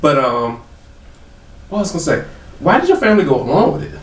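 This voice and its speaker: A man co-hosting a podcast in casual chat, laid-back and joking, quick to agree. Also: fairly high pitch, big pitch swings. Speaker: podcast co-host. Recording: echoey room, distant mic.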